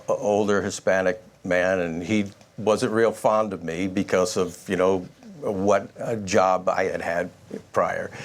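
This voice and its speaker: A man speaking as a sheriff candidate in a debate, telling a folksy personal story with plenty of hesitant fillers. His voice is very deep. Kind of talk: political debate answer.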